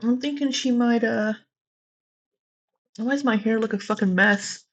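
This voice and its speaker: A woman's voice: fairly high pitch, a little slow. A woman with a Southwest Missouri accent, hosting a casual livestream and greeting chat viewers by name in a chatty, candid way. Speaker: livestream host.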